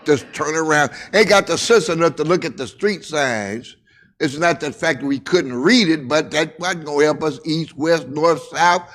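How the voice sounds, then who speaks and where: An older man telling a personal story from his childhood, with repeated phrases, dramatic pauses and a hushed voice at tender moments. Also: fairly high pitch.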